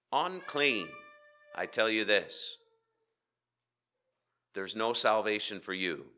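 A man preaching a sermon with rhetorical questions and dramatic pauses, swinging between loud emphasis and hushed asides. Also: fairly low pitch. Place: church.

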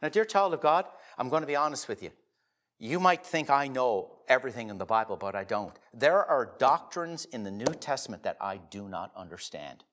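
Preacher guy, sermon voice, pitch jumps all over, goes quiet then loud. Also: normal speed. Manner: lively, swings from quiet confiding to loud emphatic bursts; conversational storytelling with restarts.

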